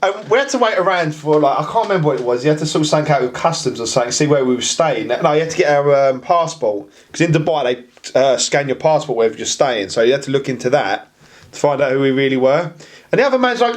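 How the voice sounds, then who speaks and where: A man telling a story on a podcast in casual chat, acting out the voices of the people he quotes. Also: fairly quick. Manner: animated, acts out quoted voices with big pitch jumps. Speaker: podcast guest.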